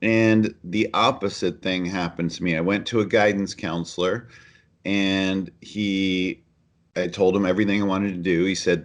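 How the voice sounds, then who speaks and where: A middle-aged man with a very low, deep voice speaks as a podcast guest. He tells his story earnestly and candidly, filling his speech with "uh" and restarts. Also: flat delivery, moderate pace. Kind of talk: conversational storytelling.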